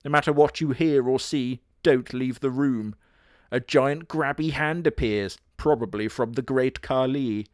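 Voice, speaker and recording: A man gives a dry, crude running commentary on a horror show for a comedy video. His voice sits at a middle pitch. The sound is close and dry, with no room echo. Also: a little slow. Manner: dry, crude, deadpan jokes.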